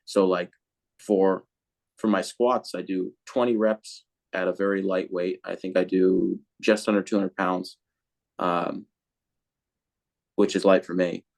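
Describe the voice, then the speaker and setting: A man with a low, deep voice chats casually as a podcast co-host being interviewed. He rambles loosely, circling back with fillers and restarts as he thinks out loud. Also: flat delivery, unhurried, gravelly, pauses often.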